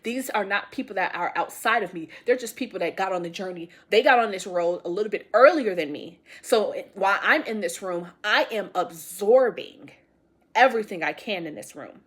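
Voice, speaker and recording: A woman's voice: mid-range voice, lively intonation, normal speed, slightly rough. A woman giving an intuitive tarot reading to her viewers. She speaks in a casual, emphatic way, repeating key phrases and addressing the audience directly with affectionate encouragement. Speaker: tarot reader.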